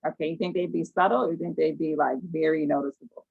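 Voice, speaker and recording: A woman's voice: low-pitched, fairly even intonation, fast talker, vocal fry, slightly rough, dry recording. An American woman teaching an online class, asking her students questions and telling stories with animation. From United States. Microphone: video call. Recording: tinny phone-like video call audio.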